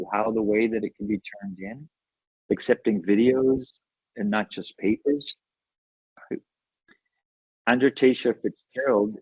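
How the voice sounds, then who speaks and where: A man's voice: fairly low pitch, darkish tone, breathy edge, no echo, dull audio. A man giving an educational webinar talk in an enthusiastic, conversational way, often checking in with "right?". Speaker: webinar presenter.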